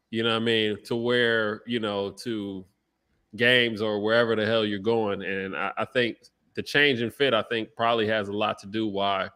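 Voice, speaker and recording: A man with a low voice that still has a bright edge recalls his playing days in a laid-back, thoughtful way. The chat is casual. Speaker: former pro basketball player, guest.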